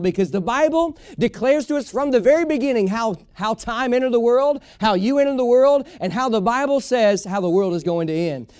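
A male pastor delivers an emphatic sermon in a high, clear, resonant voice. He hammers home his main points by repeating them. The sound is close and dry, with no room around it. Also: a little mellow, dry recording. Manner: emphatic preaching with repeated key phrases.

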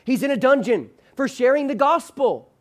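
A male pastor preaching a sermon. He leads the congregation in call-and-response, slows hard on the key phrase, and lets his phrase endings drop low and soft. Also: lively intonation. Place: church sanctuary with a screen behind him.

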